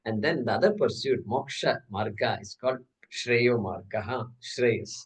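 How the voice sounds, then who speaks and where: A man's voice: medium pitch, moderate pace, recorded from a distance, low-quality recording. A man teaching a scripture class, explaining step by step with rhetorical questions and chanting Sanskrit terms. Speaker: Vedanta teacher. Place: class hall.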